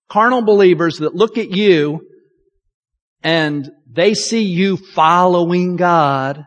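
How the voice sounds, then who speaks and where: Pastor, male, high lively voice, chatty self-mocking sermon, long hall reverb. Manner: candid, self-deprecating and chatty. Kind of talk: conversational sermon.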